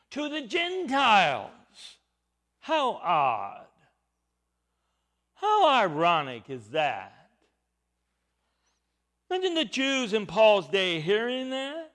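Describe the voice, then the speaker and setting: A high-voiced man delivers a Bible teaching sermon at a slow, deliberate pace. His pitch swings widely as he leans hard on key words. His delivery is emphatic throughout. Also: sing-song, a bit bright. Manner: emphatic, rising and falling with stress on key words. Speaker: preacher.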